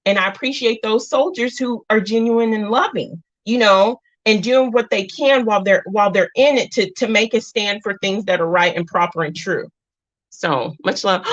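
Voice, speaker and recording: A middle-aged woman chats on her livestream in a loose, affectionate way, calling her viewers girl and mama. Her voice sits at a middle pitch. The sound is dull and lo-fi, and the room is dry. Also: normal speed, no room sound. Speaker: livestream host. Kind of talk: casual livestream chat.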